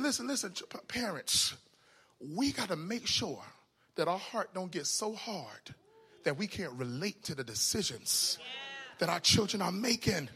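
A male preacher with a strikingly high voice delivers a sermon full of funny stories. His tone is bright and forceful. He jumps from near-shouted punchlines to soft, hushed asides. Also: gravelly, husky. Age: adult with children. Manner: animated, swings from loud exclamations to hushed asides. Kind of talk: sermon with humorous storytelling.

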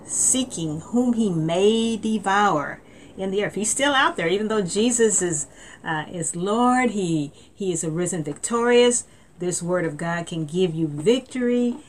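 A woman preaching a sermon in an earnest tone, often repeating words and reading scripture aloud. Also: lowish voice.

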